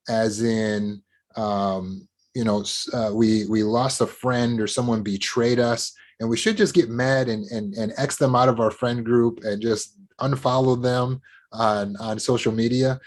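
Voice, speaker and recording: A man's voice: lowish voice, a little slow, a little mellow. A man giving an earnest, explanatory talk on depression and trauma recovery, now and then acting out short quotes. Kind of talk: educational talk to camera.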